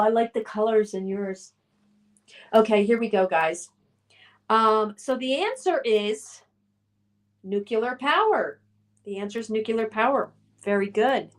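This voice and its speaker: A young woman runs a trivia quiz on a live stream, talking slowly and unhurriedly. Her voice sits fairly high. She reads out viewers' names and answers in a chatty, playful, sometimes sing-song way. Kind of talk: casual live-stream chat reading questions.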